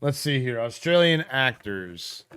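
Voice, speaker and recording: A medium-pitched man with a clean tone speaks at a measured pace in a dry recording. Co-hosting a casual livestream, he reads viewers' comments and muses on them aloud, laughing and using fillers.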